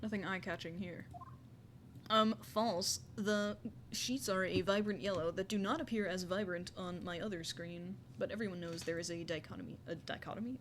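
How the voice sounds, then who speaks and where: A woman's voice: mid-range voice, background noise. Giggly woman streamer at her desk. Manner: playful, giggly, reads on-screen text aloud. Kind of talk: casual gaming commentary. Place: home desk with a squeaky chair.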